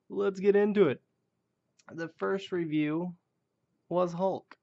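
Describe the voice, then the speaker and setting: Gravelly man rambling through a toy review. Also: sits high, fairly even intonation, takes it slowly, a little mellow. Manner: loose, joking and self-deprecating, with muttered asides. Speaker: toy collector reviewing action figures. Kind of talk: casual rambling video review. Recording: dull lo-fi home video sound.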